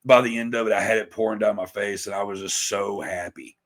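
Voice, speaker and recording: A man talks in a loose, rambling way, swearing freely and poking fun at himself. His voice sits a little low. He chats casually on a podcast. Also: fairly even intonation, brisk, fairly bright tone. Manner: rambling, profane, self-mocking. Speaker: podcast guest, musician.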